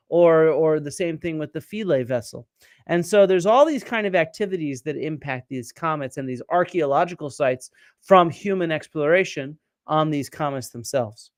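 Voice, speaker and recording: A man's voice: fairly high pitch, dry recording, clean studio sound. A middle-aged man hosting a live-stream science show, explaining and quizzing viewers from their comments, with many fillers and restarts. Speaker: archaeologist and show host.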